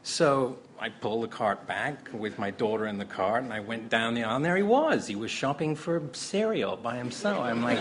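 Animated man telling a stage anecdote. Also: medium pitch, normal speed. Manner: animated storyteller, stammers and acts out quotes. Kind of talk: live storytelling to a convention crowd. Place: large convention hall with a live audience. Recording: crowd and noise in a big hall. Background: crowd laughter and ambient noise.

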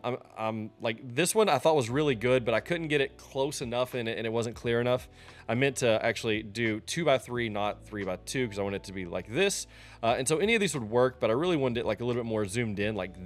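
A man talking through a software tutorial in a casual, loose way, often pausing with ums and restarting his sentences. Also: medium pitch. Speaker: streamer teaching a software tutorial. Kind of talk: casual screen-recorded tutorial.

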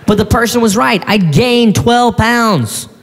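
A man performing stand-up comedy, telling a story in an animated, incredulous way with sudden shouts. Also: extremely high pitch, measured pace. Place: live comedy venue on stage. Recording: live stage in a reverberant hall with faint crowd ambience.

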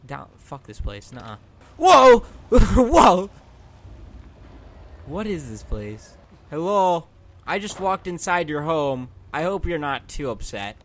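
A man's voice: a little high, animated, unhurried. A man narrating his horror game playthrough with jokes, talking to the game and yelping and screaming when startled. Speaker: gameplay commentator. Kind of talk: horror game let's play commentary.

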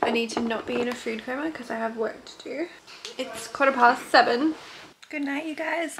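A woman's voice: a little high, bright, forceful tone. A young Australian woman chatting casually and upbeat to the camera in a vlog. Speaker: vlogger. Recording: clear background noise.

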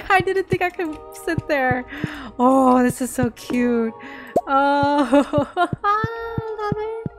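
Eine Frau, die locker und aufgeregt ein Spiel kommentiert, oft nach Luft schnappt und kichert. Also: female voice, high-pitched, slow, poor audio. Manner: excitable, gasping and giggling often. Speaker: gaming channel host. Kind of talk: casual gameplay commentary. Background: soft game music.

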